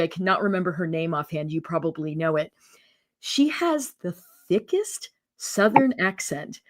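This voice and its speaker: An animated woman guest in a casual interview on a video call. Her voice sits at a mid pitch and carries an incredulous edge as she talks. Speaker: guest commentator.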